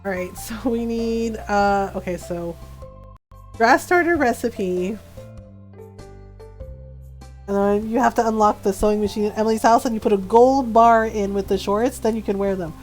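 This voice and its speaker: A woman's voice: mid-range voice, moderate pace, darkish tone, faint music behind. A woman streaming a farming game, chatting casually and playfully with frequent giggles. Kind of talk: casual gameplay commentary.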